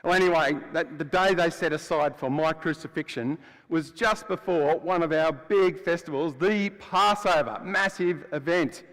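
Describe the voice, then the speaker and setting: A preacher playing Barabbas, blunt ex-prisoner. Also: male voice, on the high side, moderate pace, natural voice. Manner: chatty, storytelling, swings between loud and hushed. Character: adult male prisoner Barabbas, rough and blunt. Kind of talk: first-person dramatic monologue in a sermon. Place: church. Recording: long church hall reverb.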